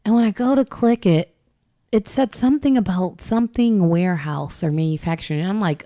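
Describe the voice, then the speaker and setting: A woman co-host telling a story in loose, casual banter. She acts out what people said and keeps breaking into laughs. Her voice sits at a middling pitch for a woman. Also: a little fast. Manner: animated, laughing storyteller who acts out quotes. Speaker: podcast co-host.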